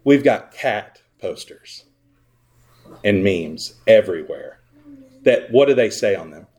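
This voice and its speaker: A male pastor preaching a sermon, sarcastic and full of rhetorical questions put to the congregation, with sudden swings between loud emphasis and quiet asides. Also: fairly low pitch, lively intonation, slow pace.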